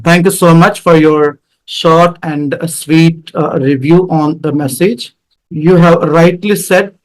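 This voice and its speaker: A man, a session presenter giving grateful, brisk closing remarks. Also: on the high side, darkish tone, poor audio.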